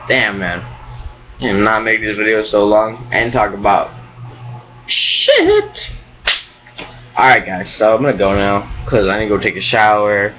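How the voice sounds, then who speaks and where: A man's voice: fairly low pitch, little pitch movement, moderate pace, a bit bright, highs cut off. A young man vlogging in a rambling, profane, ranting way. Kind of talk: casual rambling vlog.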